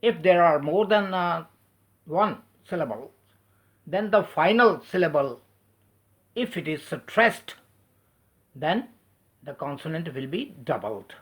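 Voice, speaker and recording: Fairly high-voiced man spelling words out. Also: animated. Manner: spells words out letter by letter, slow deliberate delivery. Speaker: English teacher. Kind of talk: spelling lesson switching between English and Hindi.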